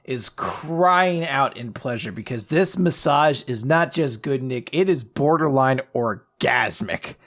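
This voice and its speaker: A man's voice: medium pitch, slow, hardly any pauses. A man chatting casually on a podcast, retelling scenes with lots of laughter and swearing. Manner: animated retelling, acting out characters' lines, laughing often. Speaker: podcast co-host. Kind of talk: casual comic chat.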